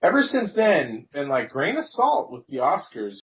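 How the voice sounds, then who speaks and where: A man's voice: a little high, wildly swooping pitch, moderate pace, poor audio. A man co-hosting a podcast in casual chat, laid-back and joking. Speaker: podcast co-host.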